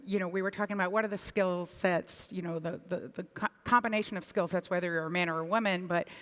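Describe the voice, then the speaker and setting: A woman moderating a conference panel, conversational and lively as she leads the questions. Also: lowish voice, fast talker. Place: conference stage. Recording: long hall reverb.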